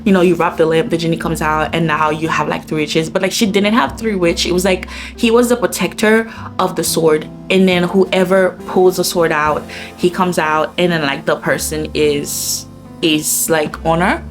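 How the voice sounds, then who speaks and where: A woman's voice: on the low side, fairly even intonation, normal speed, faint music behind. Chatty woman recapping a book. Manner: chatty, heavy use of filler "like". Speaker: book vlogger.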